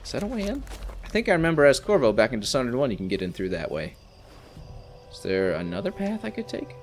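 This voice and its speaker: A man's voice: medium pitch, wildly swooping pitch, quick pace, soft background music. A man giving casual gameplay commentary as a let's play host, rambling with exasperated asides.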